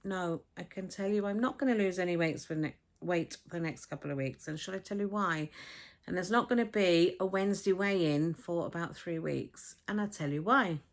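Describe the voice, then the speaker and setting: A woman's voice: on the low side, moderate pace. A woman in her fifties, talking casually to a camera on a tripod at home, blunt and frank, swearing freely and acting out conversations. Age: 50s. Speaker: vlogger. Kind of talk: casual chatty vlog. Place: home, with a dog barking next door.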